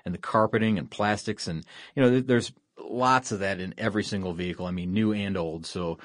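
Male podcast host, low and quick, chatty explainer, dry studio mic. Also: no echo. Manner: brisk, explanatory, filler-heavy. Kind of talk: casual chat.

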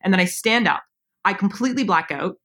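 A woman's voice: mid-range voice, a bit bright. A woman in her thirties co-hosting a casual chat, talking about her own life and acting out what people say. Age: 30s. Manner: quick, chatty, acts out quoted thoughts.

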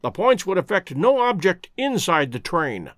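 Man doing eager sharp detective, lively pitch, reasoning aloud, dry sound. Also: moderate pace, dry recording. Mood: analytical. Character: keen brilliant male detective, eager.

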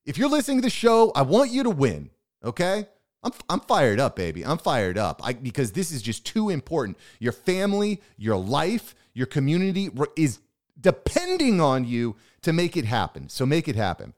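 A man's voice: on the high side, huge pitch swings, normal speed. A man hosting his own business podcast, talking solo in a pumped-up, emphatic motivational way. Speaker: podcast host.

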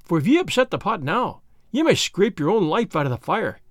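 Dude voicing a scottish highland rogue, gruff and cunning, loud swings, audiobook. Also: male voice, very animated, a little fast, no echo, studio quality. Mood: sly. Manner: blustering, sly, mock-furious. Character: gruff, sly Highland man outlaw, fiery. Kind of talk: audiobook character voice.

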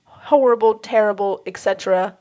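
A woman voicing a snooty, mock-outraged letter writer in a put-on British accent, reading listener mail with theatrical, drawn-out exclamations. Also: medium pitch, dark tone, lightly acted. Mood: mock outrage.

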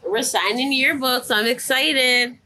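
A woman's voice: sits high, slow. A young adult woman, a podcast guest, chatting casually and expressively. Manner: expressive, exclamatory. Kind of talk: casual chat.

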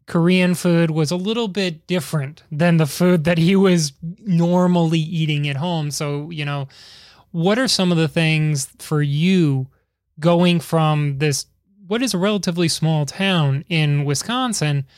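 A man's voice: fairly high pitch, measured pace, no room sound, clean studio sound. A man hosting an interview, asking long, rambling questions with chatty asides. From Chicago area. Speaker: podcast host. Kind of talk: casual interview.

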